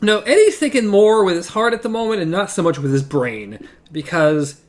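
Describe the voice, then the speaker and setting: A man's voice: high voice, moderate pace. A man co-hosting a casual book discussion podcast, reading passages and paraphrasing the characters with jokes. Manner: animated, paraphrases characters in jokey voices. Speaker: podcast co-host.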